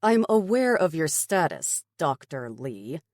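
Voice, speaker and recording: Brisk, stubborn middle-aged male officer, voiced by a woman for an audiobook; clipped, dismissive delivery, dry close mic. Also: low voice, lively intonation, a little mellow, no echo. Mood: stern. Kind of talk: audiobook character voice.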